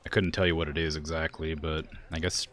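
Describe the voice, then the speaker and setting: A man's voice: extremely low pitch, level tone, a little fast, fairly bright tone. A man streaming a zoo game, rambling in casual commentary, talking to the animals and filling gaps with "like". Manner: rambling, talks to the animals, many "like" fillers; tired, yawning.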